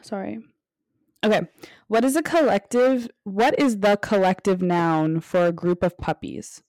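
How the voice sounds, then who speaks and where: A woman's voice: medium pitch, a little slow, a little mellow, dry recording, clean studio sound. A woman co-hosting a casual podcast quiz, chatty and swearing freely as she coaxes with hints. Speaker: podcast co-host asking quiz questions. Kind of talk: casual chat.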